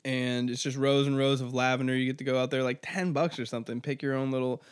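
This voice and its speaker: A man's voice: mid-range voice, fairly even intonation, fast, clear, resonant tone, no echo, clean studio sound. A man hosting a podcast alone, rambling casually with lots of swearing and laughing at his own jokes. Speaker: podcast host. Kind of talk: casual solo podcast monologue.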